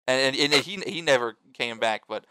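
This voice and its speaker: A man's voice: mid-range voice, moderate pace, background noise. A young man telling stories in casual chat with friends, rambling and swearing, full of fillers and restarts. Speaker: storyteller among friends.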